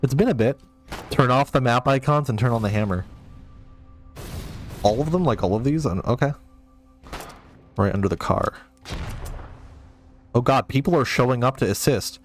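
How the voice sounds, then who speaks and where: A man's voice: medium pitch, lively intonation, normal speed, pauses often, soft background music. A man streaming a game live and reading chat, flustered, self-mocking and rambling.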